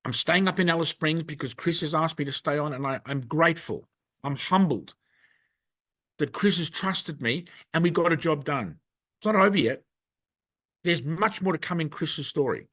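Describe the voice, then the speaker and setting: A man's voice: fairly high pitch, lively intonation, moderate pace, fairly bright tone, no room sound. An angry man delivering a rambling, emphatic monologue to camera. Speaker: video presenter.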